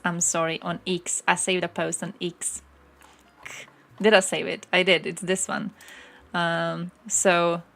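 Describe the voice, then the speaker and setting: A young woman from Croatia talks casually on her live stream, reacting to what she reads. She is sarcastic and swears freely. Her voice sits a little low for a woman.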